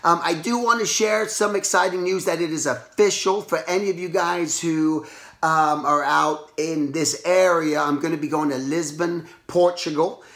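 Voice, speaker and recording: A hoarse man who has lost his voice, hosting a casual motivational talk and rambling with lots of restarts. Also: fairly high pitch, normal speed. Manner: rambling, animated, restarts often. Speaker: artist and show host. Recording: roomy echo.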